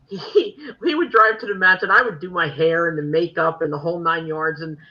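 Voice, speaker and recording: A woman hosting a podcast, telling lively stories in casual chat and laughing often. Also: lowish voice, a little fast, lo-fi sound. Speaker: podcast host.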